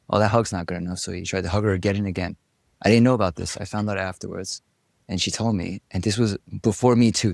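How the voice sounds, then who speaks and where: A man being interviewed, telling stories from his life in a casual, animated way, acting out what people said and swearing now and then. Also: low-pitched, no echo. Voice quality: gravelly. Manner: animated storyteller, acts out quotes, swears. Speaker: interview guest. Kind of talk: casual storytelling.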